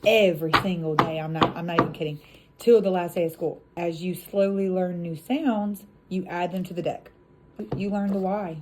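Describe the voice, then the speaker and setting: A woman in her thirties, an elementary school teacher, casually explaining a phonics routine and acting out the classroom chants with drawn-out letter sounds. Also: lowish voice, steady tone, background noise.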